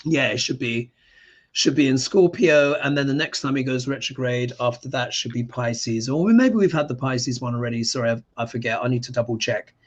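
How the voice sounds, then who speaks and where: A man hosting a live astrology stream, chatting and reading viewer comments in an animated way. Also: medium pitch, fairly quick, highs cut off. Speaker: astrologer and live show host.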